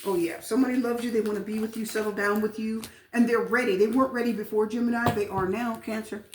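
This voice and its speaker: Woman, tarot reader, chatty, repeats herself, slightly high voice, echoey room. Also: fairly even intonation, fast. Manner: chatty, repeats phrases, frequent fillers. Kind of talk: casual tarot reading. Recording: echoey room with faint noise.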